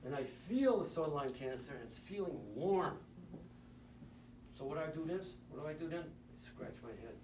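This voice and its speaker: A man's voice: a little high, background noise. A man teaching nurses in a live lecture, joking and quizzing the audience as he goes. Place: lecture room. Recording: roomy hall, mic at a distance.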